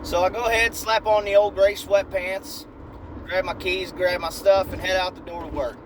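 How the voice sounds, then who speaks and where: Man, comedic storyteller, brash, animated, slightly high voice, noisy car. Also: moderate pace.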